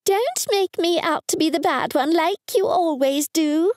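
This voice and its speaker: A woman voicing a shrill, scolding middle-aged mother. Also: unhurried, a little mellow, no room sound, clean studio sound.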